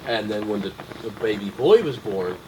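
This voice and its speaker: A man's voice: lowish voice, lively intonation, moderate pace, noisy background. A young adult man hosting a casual chat, rambling with lots of ums and restarts. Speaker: podcast host.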